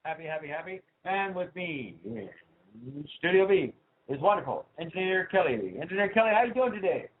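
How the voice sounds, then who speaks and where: A man hosting his own talk radio show, ranting with heat and swinging from low asides to loud outbursts. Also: big pitch swings, fairly quick, slight background noise. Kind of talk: political talk radio rant. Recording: tinny phone-like sound.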